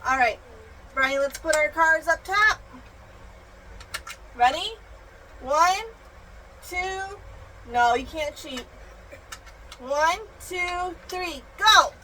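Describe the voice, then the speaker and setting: A young mother plays with her child at home, her voice very high and her delivery slow and drawn out. She gasps and does animal sounds in a playful singsong. Her phone picks up a steady hiss of background noise. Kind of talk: home video, playful teaching. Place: home room. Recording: noisy home phone recording.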